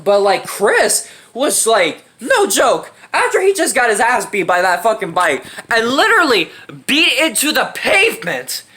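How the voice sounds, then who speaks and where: A man's voice: very high voice, big pitch swings, unhurried, pushed and bright. A young man telling a funny story in a casual, slangy, profane way, often laughing. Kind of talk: casual anecdote.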